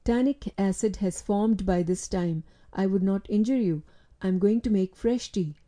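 A woman's voice: medium pitch, normal speed, warm tone, natural voice. A woman reading the part of an earnest, old-fashioned young boy in a storybook.

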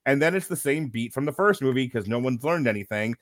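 A man's voice: mid-range voice, animated, fast talker, no room sound, clean studio sound. A man co-hosting a podcast and recapping a movie in a casual, sardonic, profane way. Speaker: podcast co-host. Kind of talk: casual comedic movie review.

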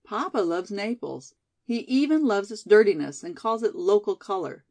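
A woman's voice: medium pitch, lively intonation, normal speed, a little mellow, natural voice. A woman voicing a passionate, dreamy young college girl in a storybook reading, pleading and rapturous by turns. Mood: elated.

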